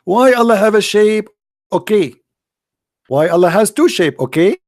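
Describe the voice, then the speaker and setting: High-voiced sarcastic man mocking. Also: lively intonation, moderate pace, a little mellow. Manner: sarcastic, mocking, rhetorical questions; non-native English grammar. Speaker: livestream host taking calls. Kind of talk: mocking religious debate commentary.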